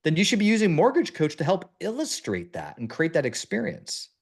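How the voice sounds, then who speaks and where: Lively, instructive man coaching listeners. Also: fairly high pitch, fairly quick, vocal fry, husky. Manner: instructive, lays out steps one by one. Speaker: mortgage branch leader and podcast host. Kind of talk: coaching podcast talk.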